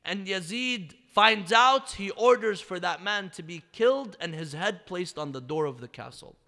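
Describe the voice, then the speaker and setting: A male preacher telling a story in a sermon with an Iraqi Arabic accent, swinging between loud declaiming and hushed near-whispers, chanting some phrases. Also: sits high, expressive, moderate pace, creaky. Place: mosque or community center hall. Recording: echoey hall.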